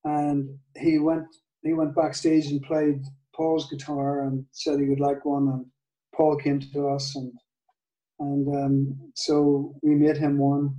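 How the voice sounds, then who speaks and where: An older man with a Northern Irish accent, telling a story in an interview, halting, with many restarts and soft laughs. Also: fairly high pitch, completely flat delivery, far from the mic, muffled recording. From Northern Ireland. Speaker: guitar maker, guest. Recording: echoey room, off-mic.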